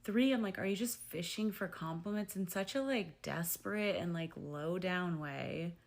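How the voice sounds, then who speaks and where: Low-voiced woman, hedging with fillers. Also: a little slow, gravelly. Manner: hedging, full of "like", listing points. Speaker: reality show commentator. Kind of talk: casual commentary.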